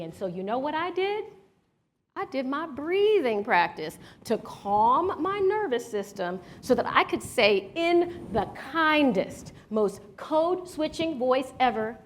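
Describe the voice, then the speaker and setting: A woman from Washington, D.C. leading a live workshop, telling a personal story and guiding the audience through breathing exercises in a lively, chatty way. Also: a little high, measured pace, a little hiss or hum. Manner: guides breathing exercises step by step. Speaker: workshop leader.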